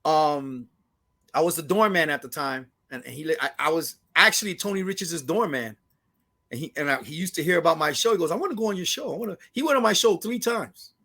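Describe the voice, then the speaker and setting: A Puerto Rican man from New York with a New York Puerto Rican accent, a comedian telling stories in a casual interview, animated and profane, dropping Spanish phrases and acting out the people he quotes. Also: on the high side, brisk. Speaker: comedian and radio host, guest.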